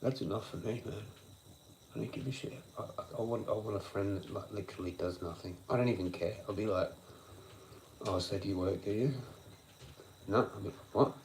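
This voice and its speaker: Gravelly, swearing man ranting. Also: fairly low pitch, fairly even intonation, quick pace, darkish tone, slight background noise, poor audio. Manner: swearing, frustrated, philosophical ranting. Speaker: livestreamer. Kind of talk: rambling late-night livestream rant.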